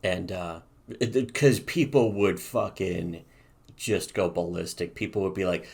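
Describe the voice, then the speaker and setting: A man with a slightly low voice co-hosts a casual podcast. He rambles and swears freely, with a dry, sarcastic edge. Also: unhurried, creaky, darkish tone, breathy edge. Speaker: podcast co-host reviewing webcomics. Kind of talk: casual profane podcast chat.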